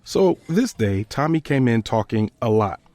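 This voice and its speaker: A man hosting a podcast, retelling a personal story in a measured, earnest way. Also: mid-range voice, very animated, a little mellow, no echo.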